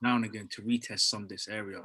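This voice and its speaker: A man in casual chat about trading, excitable and swearing, calling his friend bro. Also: lowish voice, quick pace, breathy edge, poor audio. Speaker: trader.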